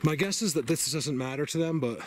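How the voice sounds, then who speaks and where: A man's voice: on the high side, expressive, fairly quick, background noise. A man vlogging while hiking in snowy mountain woods, out of breath, chatty and rambling, laughing often. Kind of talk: outdoor hiking vlog.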